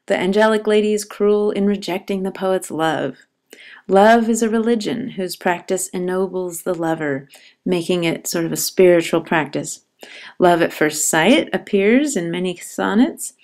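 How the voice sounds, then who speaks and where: A woman with a lowish, gravelly voice teaching a lesson on poetry. She explains each term plainly and slows right down to read verses aloud. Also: darkish tone. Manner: explanatory, reads poems aloud slowly. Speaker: literature teacher. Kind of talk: educational narration over slides.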